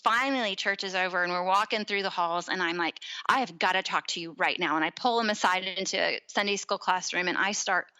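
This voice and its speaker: Talking a little fast with few pauses, she has a fairly low voice captured on a rough recording. The thirty-something podcast guest tells a personal story in easygoing conversation, animated and voicing the people she quotes.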